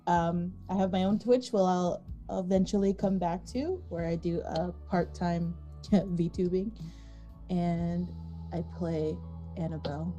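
Woman, tabletop player, low mellow voice, a little scattered, faint music. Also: steady tone, slow pace, lo-fi sound. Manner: a bit scattered, just off work.

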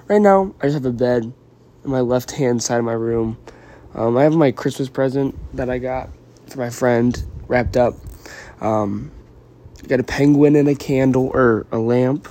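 A man's voice: medium pitch, unhurried, pauses often, warm tone. A young man chatting casually and meandering on his podcast while fighting a cold and yawning, with lots of ums and apologies. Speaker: vlogger and podcaster. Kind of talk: casual rambling chat.

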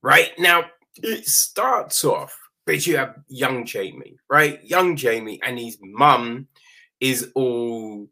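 A man talks through a horror film's plot in a loose, rambling recap. He speaks slowly and with a bright, forceful tone. He swears casually and keeps checking in with the listener. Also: mid-range voice. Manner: rambling, profane, asks listeners "right?". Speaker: film reviewer.

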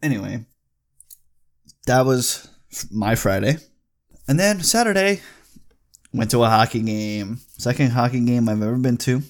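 Gravelly young man ranting profanely. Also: a little slow, pauses often. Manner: profane, heated ranting that swings loud and high. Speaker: vlogger. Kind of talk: casual storytelling rant.

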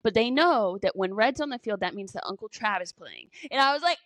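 A young woman co-host speaking at a middle pitch in a chatty, hedging way, swearing offhandedly as she goes. The sound is close and dry, with no room around it. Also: animated, a little fast, a bit bright, no echo. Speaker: podcast co-host. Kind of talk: casual chat.

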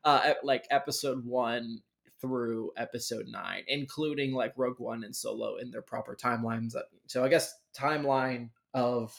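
A man's voice: mid-range voice, fairly even intonation, moderate pace, vocal fry. A man guesting on a casual podcast, rambling with fillers and restarts and laughing easily. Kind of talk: casual chat.

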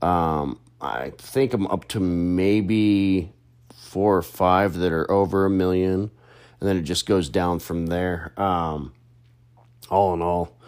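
A man's voice: low voice, a little mellow. A young adult man and content creator, talking in a casual, chatty monologue full of restarts and fillers.

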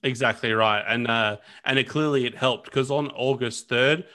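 Bright-voiced man co-hosting a podcast. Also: medium pitch, moderate pace. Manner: chatty, lots of fillers and restarts. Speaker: podcast co-host. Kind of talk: casual history podcast chat.

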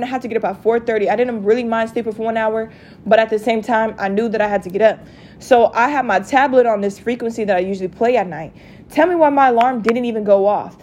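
A young woman telling a story to her viewers in a casual rant, profane and animated. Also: fairly high pitch, a little hiss or hum. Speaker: vlogger.

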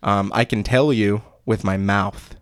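A man's voice: fairly low pitch, steady tone, measured pace, dry recording, clean studio sound, natural voice. A man improvising as a naive young girl, talking in a rambling, joking way and cutting in on others. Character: naive young girl, Little Red Riding Hood.

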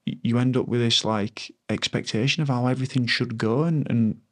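Speaking at a normal pace in a steady tone, a thirty-something former rugby player guests on a chatty podcast. His middle-pitched, unremarkable voice carries an earnest, contemplative quality, and he often doubles back to begin sentences again while groping for words.

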